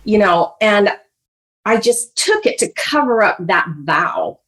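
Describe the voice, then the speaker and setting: A middle-aged woman recounts her story in a podcast interview. She talks earnestly and with feeling, at a mid pitch, and now and then acts out the voices of others. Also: lively intonation, slow, a bit bright, poor audio. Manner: earnest, emotional, addresses host by name often; acts out quoted voices of parents. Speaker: guest author.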